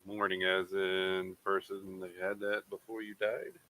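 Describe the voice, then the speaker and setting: A man's voice: low voice, level tone, measured pace, bright, forceful tone, a little hiss or hum. A man playing in a tabletop game, joking and asking questions in casual banter. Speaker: player. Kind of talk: tabletop role-play.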